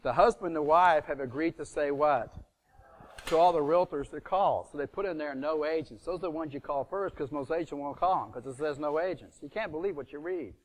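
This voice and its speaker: Man, middle-aged, fairly high voice, live seminar teacher, quizzes the room, acts out phone calls. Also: a little fast. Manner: asks the audience fill-in questions, acts out phone calls. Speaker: real estate seminar speaker.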